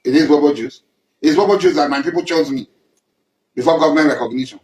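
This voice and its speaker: A man's voice: on the high side, quick pace, darkish tone, slight background noise. A man with a Nigerian accent, making an impassioned public address, accusing and emphatic, repeating his points. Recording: echoey room.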